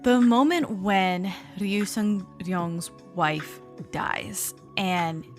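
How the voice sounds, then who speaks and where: A woman's voice: mid-range voice, drawn-out words, soft background music. A woman hosting a solo podcast countdown, chatting casually and enthusiastically, laughing often as she gushes. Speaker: podcast host.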